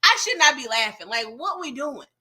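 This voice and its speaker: This TV episode reviewer has a high, bright voice that is expressive and forceful, moving at a moderate pace. She delivers a casual, exasperated recap, laughing at scenes and saying hello to her viewers by name.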